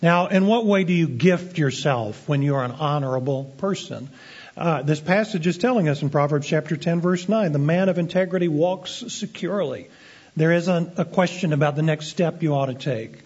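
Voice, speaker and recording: A man preaching a sermon as pastor, earnest and deliberate, slowing down to stress key phrases. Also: a little high, a little mellow, husky. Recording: dull lo-fi sermon recording.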